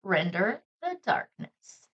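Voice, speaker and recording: A woman co-hosting a podcast in a relaxed, chatty way, with frequent fillers. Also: mid-range voice, slow, lo-fi sound, noisy background. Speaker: podcast co-host. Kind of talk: casual podcast chat.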